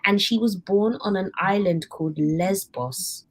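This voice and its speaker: A woman's voice: medium pitch, measured pace. A woman co-hosting a podcast, chatting casually with rambling asides and frequent laughter. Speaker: podcast co-host. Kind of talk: casual chat.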